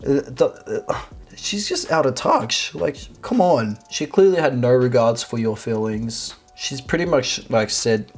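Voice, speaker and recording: A man's voice: medium pitch, normal speed, a little mellow, breathy edge. A man hosting a video, reading out a post and commenting on it in a blunt, sarcastic, profane way. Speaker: video host.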